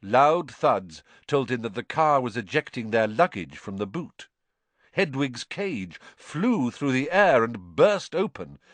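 A man narrating a story aloud, expressive and acting out the dialogue. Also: mid-range voice, slow pace, no echo. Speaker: audiobook narrator. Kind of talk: scripted narration.

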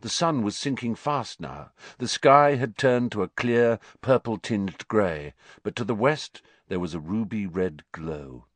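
A man narrating a story in an expressive storytelling manner. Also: fairly low pitch, unhurried, few pauses, dry recording. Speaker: audiobook narrator. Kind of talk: scripted narration.

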